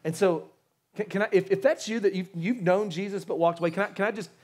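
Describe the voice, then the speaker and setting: Pastor guy preaching easter, pretty high voice, talks casual with lots of stumbles and restarts. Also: fast, a little mellow, breathy edge. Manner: conversational, stammering restarts, pleading; casual slang, joking asides. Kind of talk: sermon.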